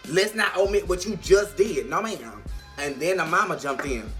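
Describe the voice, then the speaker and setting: A woman doing a sassy, profane recap of a reality show, animated and playful. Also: on the low side, normal speed, faint music behind. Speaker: vlogger reviewing a reality show.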